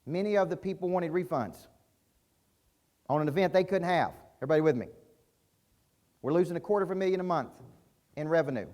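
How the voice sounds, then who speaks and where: A man's voice: fairly high pitch, brisk, pauses often, a little mellow. A middle-aged man giving an intense, punchy business-coaching keynote at a conference, often quizzing his audience. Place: conference hall stage.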